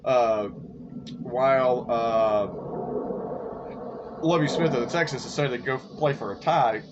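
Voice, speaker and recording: A man hosting a sports podcast, rambling through game results and his bets in a casual, profane, excitable way. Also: medium pitch, takes it slowly. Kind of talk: casual sports recap and betting talk. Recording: dull lo-fi recording with faint noise.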